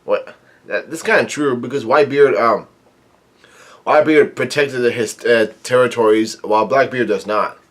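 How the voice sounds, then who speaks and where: A man casually recapping a manga chapter, rambling with many fillers and reading the dialogue out flatly. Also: medium pitch, moderate pace. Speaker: manga reviewer.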